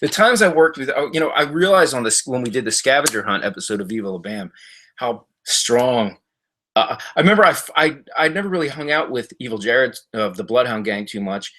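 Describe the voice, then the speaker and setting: A middle-aged man talking casually to viewers on a livestream from his home library, telling stories in a rambling, halting way with lots of fillers. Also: animated, pushed and bright. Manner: jumps high when mimicking others in stories. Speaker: livestream host answering viewer comments. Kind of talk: casual livestream chat and storytelling.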